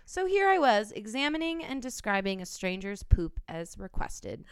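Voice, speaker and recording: A woman's voice: medium pitch, sing-song, moderate pace, clear, resonant tone, dry recording. A woman hosting a casual podcast, reading a listener's story aloud and laughing often.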